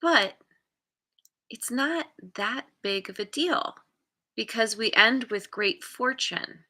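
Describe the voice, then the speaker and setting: A woman's voice: on the high side, lively intonation, takes it slowly, bright, forceful tone. A woman giving a live tarot reading and thinking aloud, meandering and often restarting as she searches for words. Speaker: tarot card reader.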